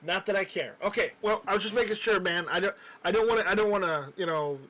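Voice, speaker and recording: A man's voice: high-pitched, quick pace, a bit bright. A man hosting a casual livestream, chatting with a co-host and reading viewer comments aloud, often repeating words as he restarts. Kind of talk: casual live-stream chat.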